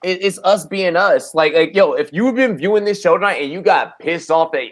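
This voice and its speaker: A man's voice: high voice, normal speed, few pauses. Fired-up profane man hosting a podcast. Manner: heated, emphatic, heavy swearing. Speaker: podcast host. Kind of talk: casual profane podcast chat.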